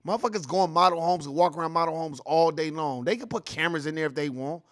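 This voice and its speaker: A man's voice: a little high, quick pace, a bit bright, dry recording, clean studio sound. A man in his forties hosting a ranting reaction commentary, profane, heated and mocking. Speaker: host.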